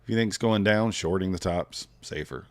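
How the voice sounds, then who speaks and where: This streamer is a futures trader with a deep voice and a slightly fast delivery. He trades live, thinking aloud in a relaxed, casual style while chatting with viewers.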